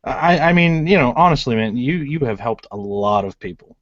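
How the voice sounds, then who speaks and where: A man's voice: medium pitch, animated, moderate pace, no echo, muffled recording. A man co-hosting a casual online show, speaking with easy enthusiasm and a friendly, buddy-like manner. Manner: enthusiastic, calls people dude. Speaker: co-host. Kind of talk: casual chat.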